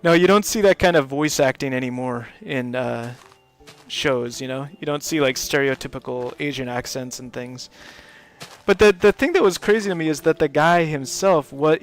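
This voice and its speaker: A man chatting casually while streaming a building game, laughing often and filling his talk with lots of ums. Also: on the high side. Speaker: live gaming streamer.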